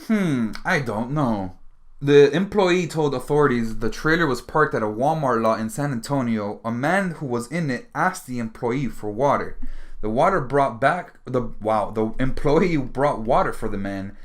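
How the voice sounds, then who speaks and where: A man's voice: mid-range voice, expressive, moderate pace. Profane rambling man hosting a podcast. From Miami, Florida. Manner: rambling and heavily profane, with sudden loud outbursts. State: tired and hungry. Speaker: podcast host. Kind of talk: casual podcast monologue, reading news aloud.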